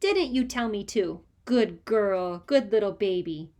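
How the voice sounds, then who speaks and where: A woman's voice: medium pitch, lively intonation, unhurried, darkish tone. A woman voicing a cheeky, sing-song little boy. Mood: wheedling.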